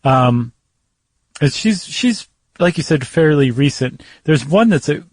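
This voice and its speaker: A man's voice: fairly high pitch, animated, measured pace, no room sound. Jokey man co-hosting a podcast. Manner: jokey and easily laughing, conversational. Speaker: podcast co-host. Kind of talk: casual chat.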